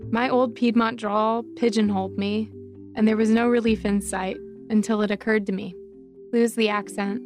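Woman reading her essay, higher voice. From North Carolina.

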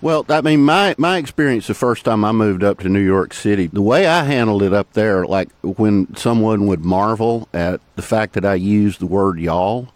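A man's voice: lowish voice, lively intonation, moderate pace, few pauses, no echo. A man, explaining a point in an emphatic way. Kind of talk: casual chat.

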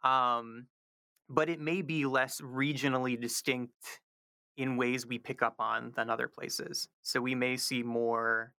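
A man's voice: medium pitch, flat delivery, slow pace, pushed and bright, no echo. A man from the American South, a linguistics professor, answering radio interview questions thoughtfully with many fillers and restarts. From American South, North Carolina.

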